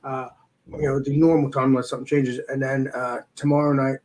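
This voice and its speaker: A man's voice: medium pitch, little pitch movement, brisk, darkish tone, poor audio. A man chatting casually as a guest on a livestream, meandering and repeating himself with lots of fillers. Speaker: guest streamer.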